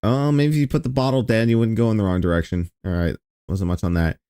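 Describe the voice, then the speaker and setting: A man's voice: fairly low pitch, steady tone, fast talker, mellow. A man streaming, reacting to an old video in a casual, sarcastic and profane way.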